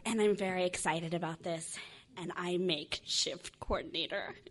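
A woman telling a funny personal story, animated and acting out the other people's voices. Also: lowish voice, normal speed, crowd noise. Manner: animated, acts out voices, laughs while telling. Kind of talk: comic storytelling.

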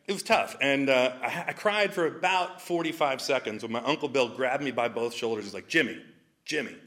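A man's voice: mid-range voice, brisk, fairly bright tone. A young adult man, a stand-up comedian, telling personal stories to an audience, laughing often and using many fillers. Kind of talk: storytelling talk with jokes.

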